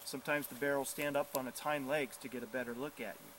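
A middle-aged man, a park bear biologist, calmly and clearly explaining hiking safety while outdoors on a forest trail. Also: mid-range voice, fast talker, slight background noise, rough recording. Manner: calm, clear, instructive.

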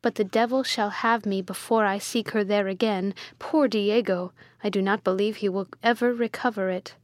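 A woman's voice: medium pitch, steady tone, normal speed, no echo, clean studio sound, natural voice. A woman voicing a frightened male castle servant who rambles and pleads in a storybook reading.

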